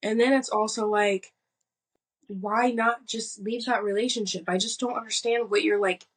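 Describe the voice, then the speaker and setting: A woman in her twenties rants on a podcast, blunt and exasperated, with plenty of swearing. Her voice is husky and a little breathy, at an ordinary middle pitch. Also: fairly even intonation, normal speed. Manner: blunt, profane, exasperated ranting. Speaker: podcast co-host. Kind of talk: casual rant chat.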